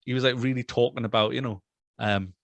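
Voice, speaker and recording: Casual male podcast co-host, mid-pitched, animated and profane, dry close sound. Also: fairly quick, no echo. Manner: animated, swears freely, laughs often. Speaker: co-host reviewing a film. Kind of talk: casual chat.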